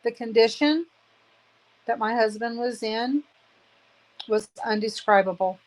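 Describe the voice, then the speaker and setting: Speaking unhurriedly in a fairly high voice, a woman in her fifties shares an earnest, emotional account of her own experience. She sounds aggrieved and indignant and keeps repeating phrases to stress them, and the recording is rough.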